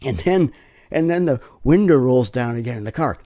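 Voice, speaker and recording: Fields: lively male preacher. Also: medium pitch, normal speed. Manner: conversational storytelling with tag questions. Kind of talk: sermon.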